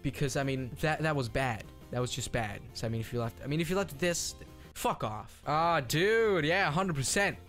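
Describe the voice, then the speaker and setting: A man's voice: a little high, animated, moderate pace, fairly bright tone, soft background music. A young man, a gaming YouTuber, rambling and cursing through self-deprecating casual commentary.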